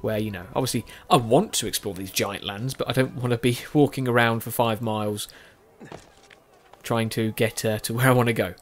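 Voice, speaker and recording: A man's voice: medium pitch, steady tone, moderate pace. Worn out guy talking over his game, keeps restarting sentences, scratchy throat. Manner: rambling, self-correcting, chatty. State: tired with a sore throat. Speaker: gaming video host. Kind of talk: casual game commentary.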